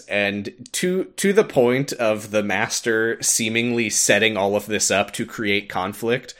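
A man hosting a podcast, recapping a game in an animated storytelling way. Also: mid-range voice. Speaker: podcast host.

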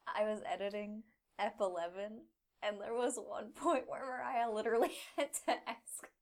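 A woman's voice: medium pitch, steady tone, normal speed, a little mellow. A woman chatting at a game table, teasing the others between laughs. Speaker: player. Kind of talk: casual chat at a game table.

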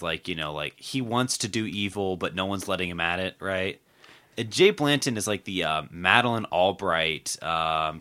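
A man's voice: low voice, bright, forceful tone. A man hosting a podcast in casual political chat, rambling with lots of fillers and restarts. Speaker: podcast host.

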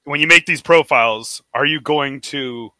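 An American man co-hosting a podcast, chatting casually, swearing often and excitable. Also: on the high side, moderate pace, no echo. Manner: profane, excitable, laughing often. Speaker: podcast co-host. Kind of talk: casual chat.

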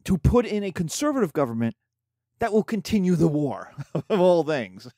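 Man giving a casual, animated history lecture. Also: high-pitched, moderate pace, dry recording, clean studio sound. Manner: conversational, animated, with filler asides. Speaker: history teacher.

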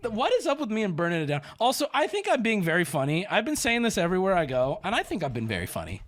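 A man's voice: high-pitched, quick pace. A male streamer telling a story in a casual, profane rant, acting out the people he quotes. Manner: animated, profane, acts out quoted voices.

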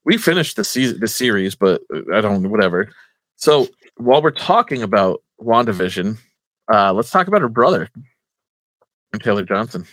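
A man's voice: fairly low pitch, sing-song, moderate pace, a bit bright, dry recording. A man hosting a casual chat, swearing often and stumbling over his words.

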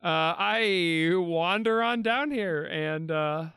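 A man playing a tabletop game, describing his character with many pauses and fillers. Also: high voice, fairly bright tone, clean tone, no echo, studio quality. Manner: hesitant, many uh and um. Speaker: player. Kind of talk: casual chat.

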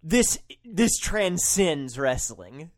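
A man's voice: a little high, sing-song, very slow. A man co-hosting a casual podcast chat, easygoing and hedging, often laughing. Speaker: podcast co-host.

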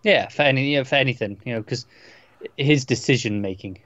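A man's voice: mid-range voice, a bit bright, no echo. A man with a mid-range voice co-hosts a casual podcast about a TV show. He halts often and repeats words while he hunts for the right phrase. His mic sounds dull and lo-fi, and the recording is dry. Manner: halting, repeats words while searching for them. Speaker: podcast co-host. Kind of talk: casual TV episode discussion.

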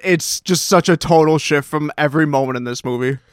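Laid-back high-voiced man chatting. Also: fairly quick, smooth, no echo, studio quality. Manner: relaxed, agreeable, says "like" a lot. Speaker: podcast co-host. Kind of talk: casual movie chat.

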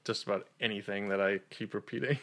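A man co-hosting a casual podcast chat, rambling and laughing often as he gets excited. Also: lowish voice, fast. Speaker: podcast co-host. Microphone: studio podcast mic.

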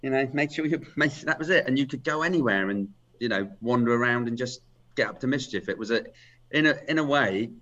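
A man in his sixties joins the chat with a bright, forceful tone and eager agreement. His audio sounds dull and lo-fi, as if heard through a muffled line. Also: mid-range voice, a little fast. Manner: agreeable, chimes in often. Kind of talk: casual film chat.

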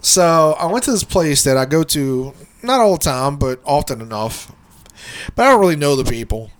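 A man with a fairly high voice co-hosts a podcast and spins a long, rambling story in casual chat. He swears freely and chuckles through his telling, and his allergies are acting up. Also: expressive, normal speed. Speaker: podcast co-host.

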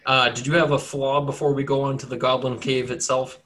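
A man's voice: medium pitch, little pitch movement, fairly bright tone. Teasing young game master, man. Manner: joking, teasing, quick to laugh. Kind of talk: casual tabletop game banter.

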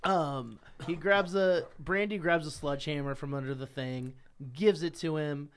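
A man's voice: a little high, moderate pace, clean tone. A man in casual podcast chat, recapping events steadily with frequent "um"s.

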